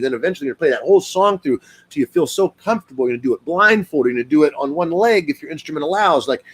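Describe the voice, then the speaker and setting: A male dog trainer chats live with his viewers, fired up and animated, with lots of fillers. His voice sits a little high and swings widely in pitch. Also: slightly rough. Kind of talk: casual live-stream talk to viewers.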